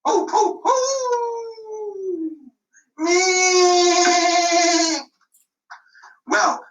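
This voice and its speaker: A woman puppeteer narrating a children's story in a slow, expressive, sing-song way. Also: fairly low pitch. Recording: roomy, mic at a distance.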